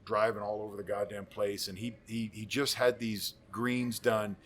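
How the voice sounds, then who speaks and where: A man's voice: lowish voice, level tone, normal speed, fairly bright tone. A former football lineman in his forties telling rambling, profane stories in casual chat. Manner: profane, rambling, boisterous storyteller. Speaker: podcast guest, former pro football lineman.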